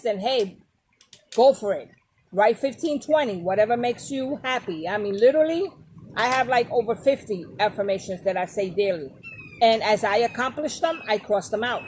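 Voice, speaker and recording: Woman, casual vlog advice, emphatic and direct with viewers, pitch a touch high, light noise floor. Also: a little mellow. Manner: emphatic, talks straight to viewers, repeats points. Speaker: vlogger giving advice. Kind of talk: casual advice talk to camera.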